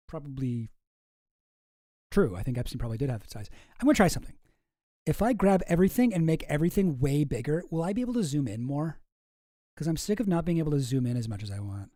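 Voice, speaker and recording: A man's voice: on the high side, mellow, no echo, clean studio sound. Profane, rambling male show host. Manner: profane, rambling, self-mocking. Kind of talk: casual commentary while reading documents on screen.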